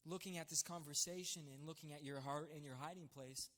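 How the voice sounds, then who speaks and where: A man giving an emotional personal testimony as a church site leader, earnest and halting with frequent restarts. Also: on the high side, steady tone, fairly bright tone, long reverb tail. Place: church stage.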